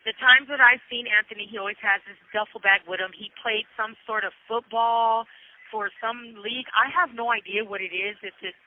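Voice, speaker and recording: High-voiced woman on a tinny phone line. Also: steady tone, normal speed. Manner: rambling, with many restarts and quoted dialogue. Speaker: incarcerated interviewee. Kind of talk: phone interview storytelling. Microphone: prison telephone.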